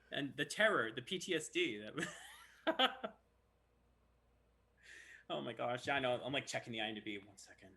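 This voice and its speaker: A man's voice: medium pitch, normal speed, vocal fry, pauses often. A man, a voice actor, chatting casually and acting out stories. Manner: animated storyteller who acts out quotes. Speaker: voice actor guest. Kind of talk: casual chat.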